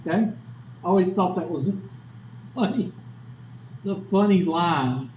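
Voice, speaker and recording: A man with a slightly high voice teaches a statistics class, folksy and chatty, tossing questions at his students. The sound is echoey and a bit dull, recorded in a classroom with faint background noise. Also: a little slow, a little mellow. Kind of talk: classroom lecture.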